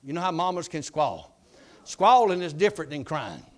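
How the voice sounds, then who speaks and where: A man preaching a testimony sermon, telling his story dramatically and shouting his declarations. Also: on the high side, sing-song, normal speed.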